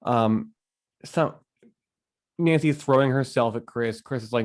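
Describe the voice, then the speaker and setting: A man in casual podcast chat, walking through a film plot at an easy, middle-pitched register. He rambles and restarts with plenty of fillers as he retells the story. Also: unhurried, long pauses. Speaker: podcast co-host. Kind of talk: casual movie recap chat.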